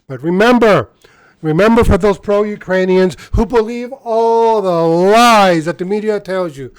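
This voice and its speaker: A man with a fairly high voice delivers casual news commentary with open mockery, often breaking into laughter. He rambles and restarts his sentences. The sound is dry and close, with no room around it. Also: unhurried, clean tone, no room sound. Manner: mocking and sarcastic, laughs often. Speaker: channel host.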